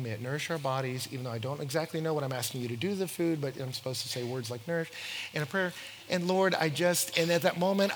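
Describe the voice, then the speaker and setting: A man preaching a sermon, telling stories and acting out dialogue in an animated way. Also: fairly high pitch, slight background noise. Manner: animated, acts out dialogue in voices. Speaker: pastor. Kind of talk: sermon with storytelling. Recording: long hall reverb.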